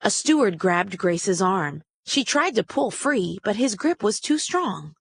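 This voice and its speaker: A woman reading a children's story aloud in a steady, expressive way. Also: medium pitch, unhurried, gravelly, slightly rough. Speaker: storybook reader.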